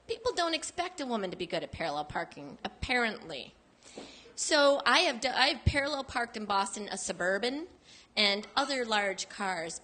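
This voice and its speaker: A woman from Michigan doing stand-up, telling stories in a boastful, animated way. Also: a little high. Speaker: stand-up comic. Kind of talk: stand-up set.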